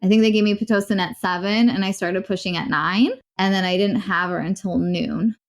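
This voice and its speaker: A woman frankly recounting a hard personal experience in a podcast interview, rapid and rueful, with short laughs. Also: medium pitch, steady tone. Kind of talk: candid personal storytelling.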